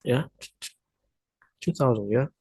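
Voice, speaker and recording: A man with a husky voice talks through a math lesson one step at a time, pausing to think and correcting himself as he goes. His voice sounds dry and close to the mic, with no room echo. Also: mid-range voice, a little mellow. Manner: thinking aloud, hesitant, self-correcting. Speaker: math tutor. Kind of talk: explaining math problems step by step.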